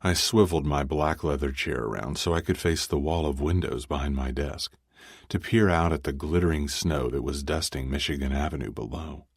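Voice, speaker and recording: A man narrating a first-person romance audiobook in a measured, dry manner. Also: rumbling low, slightly rough, no echo.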